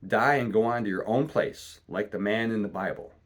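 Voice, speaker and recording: A man's voice: lowish voice, normal speed, close to an everyday voice. A man voicing a stern country doctor who lectures firmly and plainly, reading a storybook aloud. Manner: firm, lecturing and plain-spoken.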